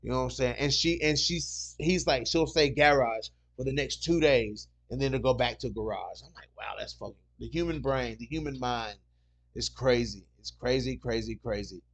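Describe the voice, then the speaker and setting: This podcast host speaks in a mid-range voice at an ordinary pace. On his casual solo show he rambles through stories and reads comments, repeating "you know what I'm saying" again and again.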